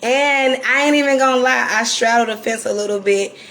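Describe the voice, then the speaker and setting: A woman from North Carolina with a Southern accent and a raspy, croaky voice, talking candidly and deliberately to viewers on a live stream. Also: a little high, a bit bright, a little hiss or hum. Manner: reflective and candid, slowed deliberate delivery. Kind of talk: casual live-stream talk.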